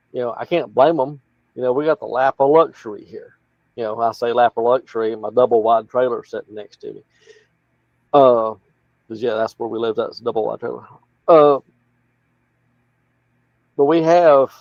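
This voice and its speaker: A man's voice: mid-range voice, no room sound. Appalachian male candidate, folksy and rambling, muffled dry recording. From North Carolina. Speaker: political candidate guest. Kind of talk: casual interview talk.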